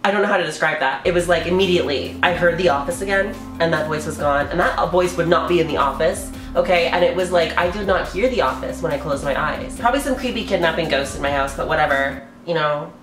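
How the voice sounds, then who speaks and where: A woman's voice: deep voice, quick pace, hardly any pauses, music in the background. Lady vlogging from her living room, swears a lot, laughs easily, roomy echo. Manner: candid and expressive, with frequent swearing and laughter. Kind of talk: casual Q&A chat.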